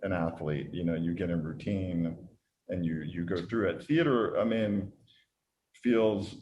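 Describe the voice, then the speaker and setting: A man hosting an interview podcast, affirming his guest and asking questions with halting restarts. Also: deep voice, darkish tone, slight background noise. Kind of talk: casual interview chat.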